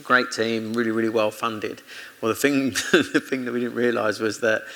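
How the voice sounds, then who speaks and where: A man's voice: mid-range voice, flat delivery, normal speed, a bit bright, low-quality recording. A man from Britain, a former motorcycle racer, telling chatty anecdotes in an interview and quoting his own conversations. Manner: chatty anecdotes with laughs and self-quoted dialogue. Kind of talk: casual storytelling interview.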